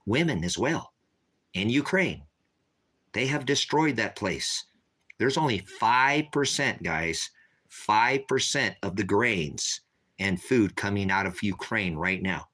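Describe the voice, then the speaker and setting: A man preaching on a livestream, ranting forcefully and repeating himself. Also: fairly low pitch, lively intonation, a little slow. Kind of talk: heated livestream rant.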